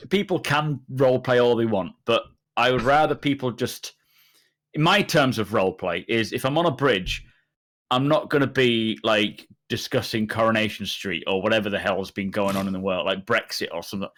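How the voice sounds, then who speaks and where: A man's voice: on the low side, moderate pace, fairly bright tone. A man co-hosting a podcast, telling stories in a rambling, self-deprecating way during casual chat.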